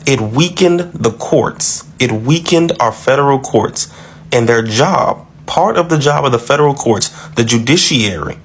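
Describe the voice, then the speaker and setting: A man's voice: medium pitch, expressive, measured pace, a little hiss or hum. Emphatic man explaining on camera. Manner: emphatic, repeats key points. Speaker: commentator. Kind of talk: explanatory social media commentary.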